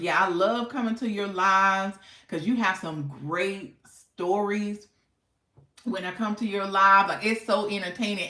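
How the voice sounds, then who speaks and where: Animated woman chatting on a live stream. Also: medium pitch, echoey room. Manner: chatty and playful, laughs often, talks back to the chat. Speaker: livestream host. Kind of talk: casual live-stream chat with viewers.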